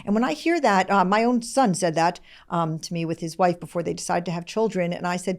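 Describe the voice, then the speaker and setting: A middle-aged woman hosting a podcast, talking fast, candid and expressive, close to tears as she speaks. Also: lowish voice, creaky. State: tearful, close to crying. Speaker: podcast host. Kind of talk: conversational podcast talk.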